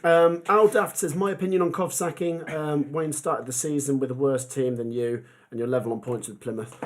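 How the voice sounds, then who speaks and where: A man's voice: fairly high pitch, steady tone, normal speed. Chatty man hosting a livestream. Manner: chatty, rambling, many ums. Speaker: football fan channel host. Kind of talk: casual livestream chat reading comments.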